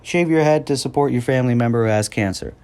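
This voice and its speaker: A man's voice: mid-range voice, quick pace, a little mellow, clean tone. Fired-up young man ranting angrily. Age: 20s. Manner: angry, profane, sarcastic, mocks others in a whiny voice. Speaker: wrestling commentator. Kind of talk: heated rant.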